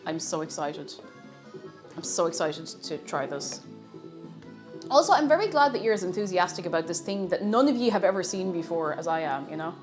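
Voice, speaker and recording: A woman chats casually to her live-stream audience while cooking. Her pitch swings up and down freely as she jokes, restarts and trails off mid-thought. Faint music plays underneath. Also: expressive, moderate pace. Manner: chatty, self-interrupting, playful.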